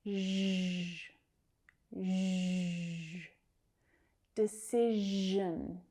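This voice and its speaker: A woman teaching English pronunciation, saying words slowly and carefully with drawn-out enunciation, then using them in example sentences. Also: mid-range voice, dark tone. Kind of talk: pronunciation lesson.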